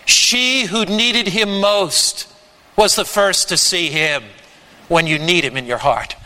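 A man preaching a sermon, slow and emphatic, repeating his refrains. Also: high-pitched, pushed and bright. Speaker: pastor. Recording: long hall reverb.

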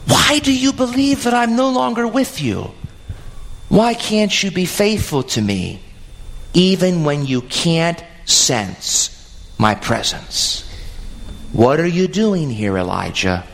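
A preacher giving voice to a slow, low divine questioner. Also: male voice, sing-song, creaky, fairly bright tone, long reverb tail, full character voice. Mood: gentle questioning. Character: patient divine male voice, gently questioning.

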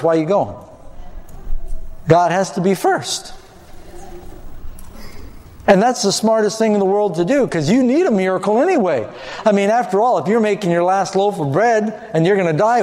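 A man's voice: sits high, animated, a little slow, long pauses, darkish tone. Preacher man in a reverberant hall. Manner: asks the audience questions and answers them himself. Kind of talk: sermon.

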